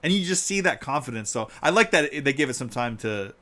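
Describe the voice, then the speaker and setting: A man co-hosting a livestreamed podcast in a casual chat, lively, acting out quoted lines in a raised voice. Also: fast. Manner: animated, acts out quotes in a higher voice. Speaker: podcast co-host. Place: live-streamed podcast.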